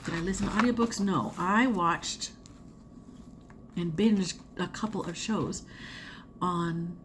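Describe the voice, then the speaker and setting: A chatty woman talks through her crafting month in a loose, rambling way, full of fillers. Her voice sits a little low for a woman. A faint hiss of noise runs under the recording. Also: takes it slowly. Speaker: crafting vlogger. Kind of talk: casual chat.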